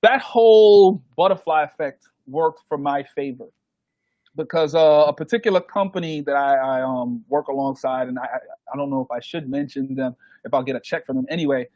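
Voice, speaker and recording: A man with a high voice tells a story in easygoing chat, slipping into the voices of the people he quotes. He is recorded close and dry, with no room sound around him. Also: fairly quick, dry recording, lo-fi sound. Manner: animated, acts out the people he quotes. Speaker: DJ guest. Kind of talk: casual storytelling. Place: podcast recording.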